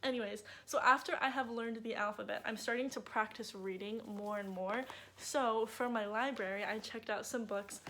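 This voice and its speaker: A woman's voice: mid-range voice, fairly bright tone, a little hiss or hum. A young woman, a native English speaker, chatting casually to camera in a bubbly vlog with lots of filler words. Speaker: vlogger.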